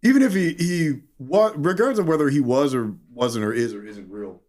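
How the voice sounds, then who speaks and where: A man's voice: medium pitch, animated, normal speed, darkish tone. A man co-hosting a podcast, giving casual, thoughtful commentary on a cartoon's writing and swearing freely. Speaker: podcast co-host. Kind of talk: casual chat reviewing a cartoon episode.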